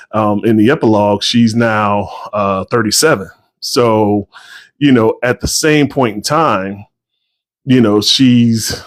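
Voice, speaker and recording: A man's voice: lowish voice, dry recording. A man, a novelist, chatting casually to viewers on a livestream, rambling and tired.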